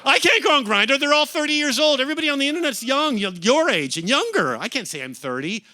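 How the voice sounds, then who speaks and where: A man's voice: very high-pitched, sing-song, fast, pushed and bright. A middle-aged American man doing stand-up in a comedy club, teasing the crowd in a camp, sardonic way. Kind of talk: stand-up set, crowd work.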